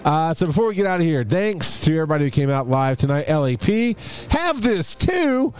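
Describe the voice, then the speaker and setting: A man's voice: a little high, animated, quick pace, darkish tone, clean tone. A man co-hosting a podcast in casual, upbeat chat, laughing often as he signs off. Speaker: podcast co-host.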